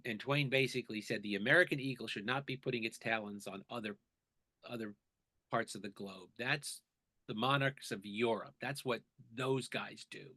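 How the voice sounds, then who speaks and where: Forceful man talking with many restarts. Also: mid-range voice, no echo. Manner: emphatic with many restarts and repeated words. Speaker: author and guest. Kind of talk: interview talk.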